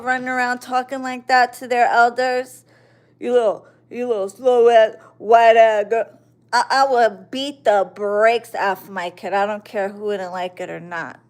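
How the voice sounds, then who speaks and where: A woman in her forties, a livestream host, angrily ranting at commenters in a profane, confrontational and mocking way. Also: on the high side. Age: 40s.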